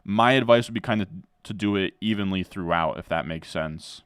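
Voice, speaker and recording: A laid-back, deep-voiced guy from New Jersey streams a fantasy football draft, saying "dude" a lot and answering chat as he goes. He talks at a moderate pace with a smooth voice, and the studio sound is clean with no room sound.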